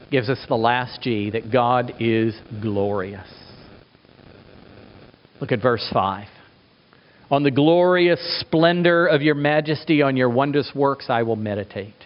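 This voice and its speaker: A middle-aged man preaching a sermon as a pastor, emphatic, asking rhetorical questions and swinging his pitch for effect. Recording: dull lo-fi recording.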